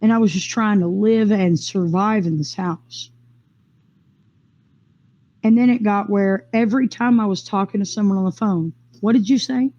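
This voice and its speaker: Speaking in a steady, warm and mellow medium-pitched tone, a woman recounts her own experience for an interview. She rambles casually in quick bursts, often restarting and using fillers, and the audio is dull and lo-fi.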